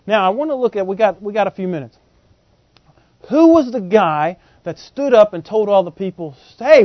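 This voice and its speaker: A man preaching with a high-pitched voice in a folksy, joking way, full of slang. He keeps turning to the congregation with questions. The recording is dry and a bit dull. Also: no echo. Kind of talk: sermon.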